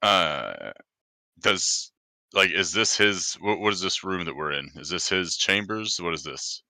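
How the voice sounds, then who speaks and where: A man's voice: sits low, animated, unhurried, pushed and bright. A man playing a tabletop game, talking bluntly and swearing casually. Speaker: player. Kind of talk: casual tabletop role-play.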